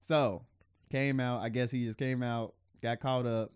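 A male podcast co-host chats casually, swearing freely, laughing often and restarting sentences. His medium-pitched voice is steady, unhurried, clear and resonant, recorded in a clean studio with no room sound.

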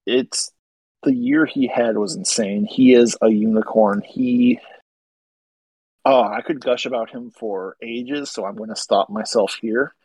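An eager man co-hosting a casual podcast, gushing with excitement. His voice is a bit husky and mid-pitched, recorded dry and close with no room sound. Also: unhurried, no room sound, rough recording. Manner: enthusiastic, gushing about prospects. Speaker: podcast co-host. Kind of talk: casual hockey podcast chat.

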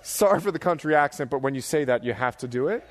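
A middle-aged man preaching a sermon, animated and jokey, slipping into voices as he tells stories. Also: medium pitch, fast, long reverb tail, a faint crowd, a little hiss or hum. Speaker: pastor.

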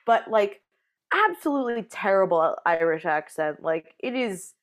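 A woman's voice: mid-range voice, big pitch swings, measured pace. A woman co-hosting a podcast, giving blunt, opinionated takes on a movie. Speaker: podcast co-host. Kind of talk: casual movie discussion.

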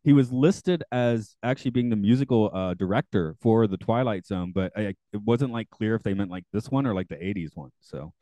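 A man with a lowish, mellow voice hosts a podcast. He reads show notes and then chats, hedging with plenty of fillers. The sound is close and dry. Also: brisk, hardly any pauses, no room sound. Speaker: podcast host. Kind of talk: casual chat and reading show notes.

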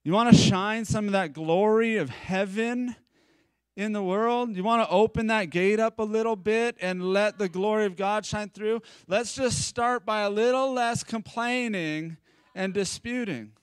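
A man preaching in a high, smooth voice, talking to his congregation as if chatting with friends. His delivery is animated, with joking, self-deprecating asides. The sound is dry and close, with no room echo. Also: a little slow. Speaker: pastor. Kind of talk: conversational sermon. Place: church service streamed live.

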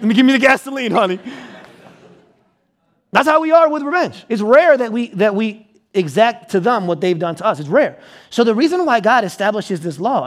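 A young man preaching a sermon in a high, light voice, chatting with his congregation as he goes. He keeps asking them to follow along and checks they agree. Now and then he acts out a quote with a sudden loud cry. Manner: conversational, checks in with the audience. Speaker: pastor.

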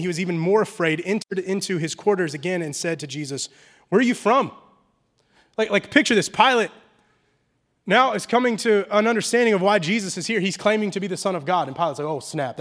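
A man, a pastor, preaching a sermon in a casual, conversational way with slang, swinging from quiet and intimate to loud and animated. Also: high-pitched, fast.

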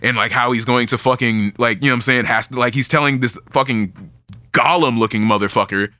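Male podcast host: bright, dry-sounding voice, loose swearing banter with frequent laughs. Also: mid-range voice, fairly quick, dry recording. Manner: animated, swears constantly, laughs often. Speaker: podcast host recapping a manga. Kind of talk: casual chat.

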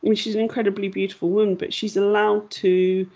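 A woman's voice: medium pitch, little pitch movement, fast talker, dark tone, lo-fi sound. A woman hosting a casual film discussion podcast, talking in a rambling, self-deprecating way. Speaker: podcast host.

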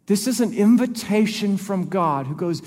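A man's voice: sits high, lively intonation, moderate pace, darkish tone. A male pastor preaching a sermon in an earnest, conversational way, repeating phrases for emphasis. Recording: long reverb of a large hall.

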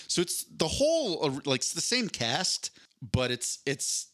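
A man's voice: a little high, very animated, unhurried, fairly bright tone, no room sound, studio quality. A young man co-hosting a podcast, chatting casually in a rambling, joking way with many stumbles and restarts. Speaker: podcast co-host. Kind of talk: casual comedic chat.

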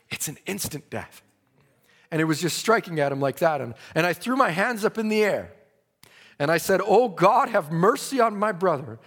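A man's voice: fairly high pitch, in a large hall. A man preaching a sermon, telling a story dramatically and breaking into praise.

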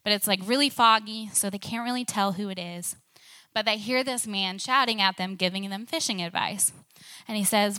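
Young female preacher with a conversational, filler-heavy delivery and a bright tone. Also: medium pitch, normal speed, smooth. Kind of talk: casual sermon storytelling.

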